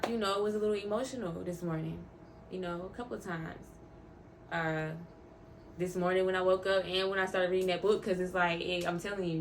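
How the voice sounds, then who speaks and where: A woman vlogger speaks casually about faith in a medium-pitched voice, heartfelt and openly emotional. She rambles and repeats words for emphasis, with slight background noise behind her.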